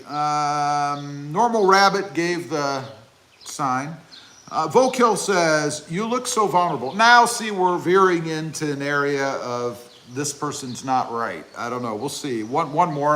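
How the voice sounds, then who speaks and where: A man's voice: fairly high pitch, bright, forceful tone. A man hosting a casual livestream outdoors, reading chat comments aloud in a rambling, joking way with lots of fillers. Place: outdoors by his truck.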